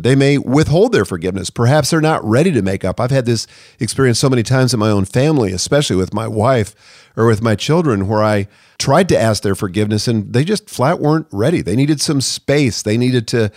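A man with a mid-range, slightly mellow voice hosts a podcast, recorded dry with clean studio sound. He gives conversational advice in an earnest, direct way and acts out sample apologies.

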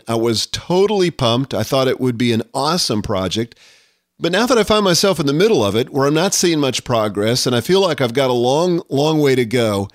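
A man's voice: mid-range voice, no echo, clean studio sound. An older man hosting a podcast, speaking in an earnest, reflective scripted monologue. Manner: earnest, reflective, reads quotes aloud. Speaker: podcast host.

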